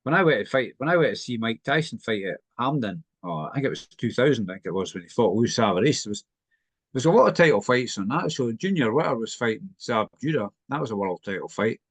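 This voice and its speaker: A man's voice: medium pitch, sing-song, fast talker, no echo. A man, rambling through boxing memories in a casual podcast chat, often ending lines with a question. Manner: rambling, questioning tag ends.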